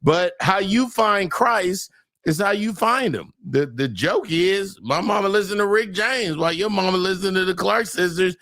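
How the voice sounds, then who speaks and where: A middle-aged man, a comedian guest, talking loud and animated, laughing through his stories. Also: sits high, moderate pace, no echo, clean studio sound. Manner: loud, talks over his own laughs, Southern Black church slang. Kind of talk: animated podcast chat.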